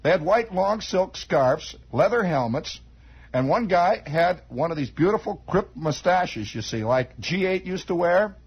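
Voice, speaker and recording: A man with a high, strikingly husky voice tells a rambling comic story. He drifts into asides and starts sentences over, keeping a chatty, conversational flow. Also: expressive, measured pace, low-quality recording. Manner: digressive, chatty, many asides and restarts.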